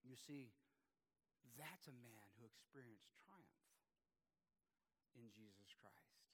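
A pastor in his forties preaching a sermon, swinging from loud, emphatic peaks to quiet, low passages. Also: slow. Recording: long hall reverb.

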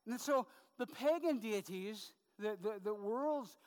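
Male pastor, high voice, chatty sermon with many asides, hall reverb. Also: slow pace, darkish tone. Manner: conversational, many fillers and rhetorical asides.

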